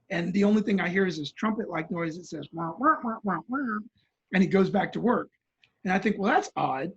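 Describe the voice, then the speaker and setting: A man's voice: sits high, breathy edge, highs cut off. A man telling a vivid story as an interview guest, acting out the voices of people in it.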